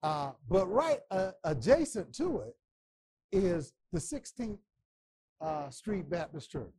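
A man teaching a Bible class, preaching with passion, stammering repetitions and bursts of shouting. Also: high-pitched, big pitch swings, slow, slightly rough.

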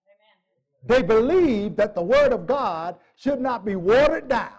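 Very high-pitched, lively male preacher. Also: unhurried. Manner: emphatic, repeats phrases, jokes with the congregation. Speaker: pastor. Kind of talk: sermon. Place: church.

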